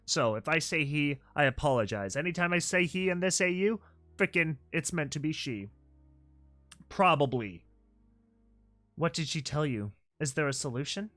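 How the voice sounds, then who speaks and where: A narrator reading a slideshow story aloud and reacting to it, excitable and yelling in disbelief with mild swearing. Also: mid-range voice, normal speed, soft background music.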